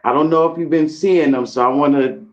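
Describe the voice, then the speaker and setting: A woman's voice: low voice, a little fast. New woman calling in, lo-fi phone. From New York. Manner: chatty, storytelling. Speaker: caller. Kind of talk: casual phone call chat. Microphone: phone call. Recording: dull lo-fi phone call.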